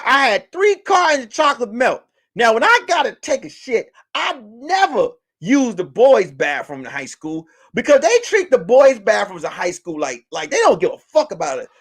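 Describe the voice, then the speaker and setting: A man doing stand-up comedy, telling a profane, rambling story with sudden loud outbursts. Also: very high-pitched.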